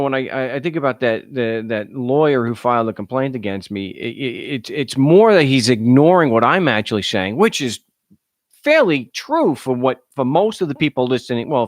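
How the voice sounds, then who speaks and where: Animated sarcastic male talk-show host. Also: medium pitch, a little fast, no room sound, studio quality. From United States. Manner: animated, sarcastic, repeats words when starting sentences. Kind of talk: casual call-in show monologue.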